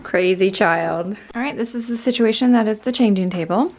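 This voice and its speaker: A woman filming a casual daily vlog at home, chatting to the camera and gently to her toddler. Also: medium pitch, moderate pace. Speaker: mom vlogger. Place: family home, indoors. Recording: noisy home camera recording.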